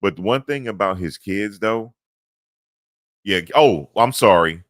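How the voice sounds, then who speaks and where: A man retells what he saw in an animated, slangy way, circling back and repeating himself. The sound is dry and close, with no room around it. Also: on the low side, slow, no room sound. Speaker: commentator recapping a court hearing. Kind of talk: casual recap.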